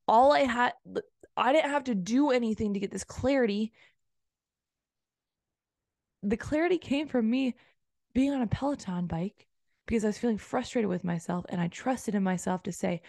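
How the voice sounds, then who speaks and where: A woman's voice: mid-range voice, normal speed, dry recording, clean studio sound. A woman coach talking casually on her own podcast, rambling and repeating phrases as she quotes her own self-talk. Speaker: personal development coach and podcaster. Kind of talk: casual solo podcast monologue.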